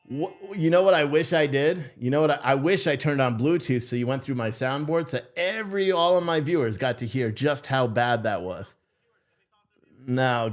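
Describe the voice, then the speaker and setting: A blunt, sarcastic male streamer talks off the cuff to his viewers in a slightly raised voice. His talk is loose and casual, and he swears without hesitation. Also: fairly high pitch. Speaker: live stream host. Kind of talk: casual live stream commentary.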